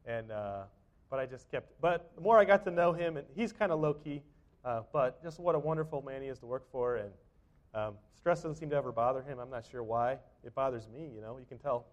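A man's voice: medium pitch, brisk. A middle-aged man preaching a sermon in a church, talking in a conversational way with frequent restarts and fillers. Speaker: pastor. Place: church sanctuary.

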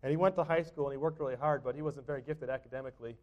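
A man's voice: mid-range voice, fairly even intonation, rapid-fire, lo-fi sound. A middle-aged man preaching a sermon in a church, talking in a conversational way with frequent restarts and fillers. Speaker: pastor. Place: church sanctuary.

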